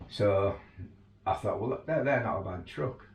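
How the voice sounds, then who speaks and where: A man's voice: on the low side, animated, measured pace. A man who works as an overland tour guide, casually telling stories and laughing through them. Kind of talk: casual anecdotal storytelling. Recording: roomy, distant mic, faint ambience.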